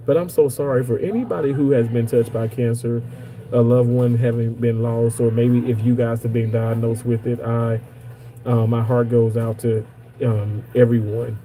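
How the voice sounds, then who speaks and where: A man's voice: medium pitch, little pitch movement, normal speed, warm tone, slight background noise, rough recording. Chatty man telling a personal story. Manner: storytelling, emphatic repetitions, chatty. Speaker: streamer talking to viewers. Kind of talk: casual live chat.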